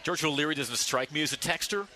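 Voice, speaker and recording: A man hosts a sports radio show, his voice very bright and sharp. He is upbeat and smooth and reads stats crisply. He asks his questions with an easy, friendly lilt. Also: on the high side, expressive, quick pace, soft background music. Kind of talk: radio sports talk interview. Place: outdoor brewery patio at a live radio show.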